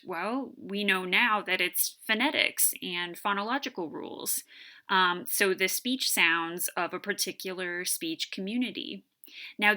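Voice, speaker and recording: A woman giving a recorded college lecture, explaining terms in an unhurried way with frequent ums. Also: mid-range voice, pushed and bright.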